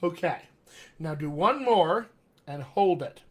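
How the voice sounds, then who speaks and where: In a live-streamed lesson, a male dialect coach teaches tongue exercises, upbeat and encouraging as he reads out viewer comments. His voice is on the high side, expressive and a bit bright, and he speaks slowly.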